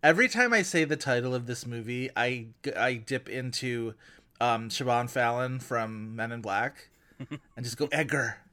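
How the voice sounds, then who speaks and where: A man's voice: medium pitch, normal speed, bright, forceful tone. A man co-hosting a film podcast, joking and riffing in casual chat. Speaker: podcast co-host.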